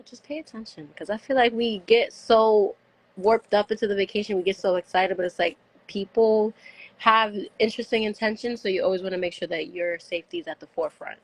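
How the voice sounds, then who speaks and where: A woman's voice: mid-range voice, moderate pace, low-quality recording. A woman giving travel tips in casual chat on a live show. She talks chattily, filling her talk with "like" and acting out the people she quotes.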